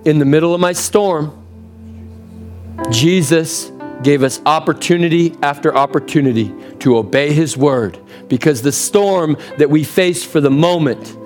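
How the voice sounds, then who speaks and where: A man in his thirties, a pastor preaching a sermon in church, impassioned, with big swings in pitch and pace. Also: a little slow, a little mellow, soft background music.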